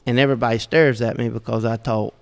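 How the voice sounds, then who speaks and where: Talking quickly and steadily, a middle-aged Southeast Georgia man on a podcast shares self-deprecating stories in a gravelly, medium-pitched drawl. Frequent chuckles punctuate his casual storytelling, and the audio rings with long, big-room reverb.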